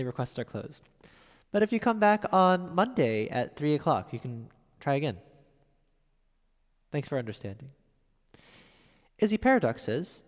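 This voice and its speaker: Chatty man with a lively voice. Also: fairly high pitch, long reverb tail. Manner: reads viewer messages aloud and answers chattily. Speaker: piano streamer. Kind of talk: casual live-stream chat.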